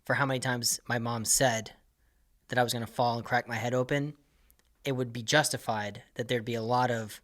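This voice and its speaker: A comedian and podcast host, a man, rants in an exasperated comic monologue and swears freely as he goes. His voice sits at an ordinary middle pitch. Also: fairly even intonation, moderate pace, pushed and bright. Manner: exasperated, profane ranting.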